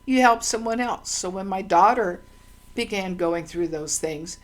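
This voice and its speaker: A woman's voice: mid-range voice, measured pace. A woman hosting her own channel, telling personal stories in a casual, meandering way with many ums and restarts, earnest and heartfelt. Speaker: channel host. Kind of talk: casual personal storytelling monologue.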